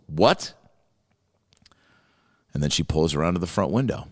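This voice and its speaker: A man's voice: sits low, a little slow, pauses often, slightly rough, long reverb tail. A man hosting a comedy reaction show, riffing profanely on a clip and acting out the people in it. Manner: animated storytelling, heavy swearing, acts out voices. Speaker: host reacting to a video clip.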